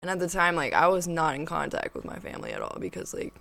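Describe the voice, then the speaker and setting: A woman in her twenties telling a personal story in casual chat. She rambles, puts "like" into nearly every phrase, swears freely and gets louder and more animated as she goes. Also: fairly low pitch, quick pace, vocal fry.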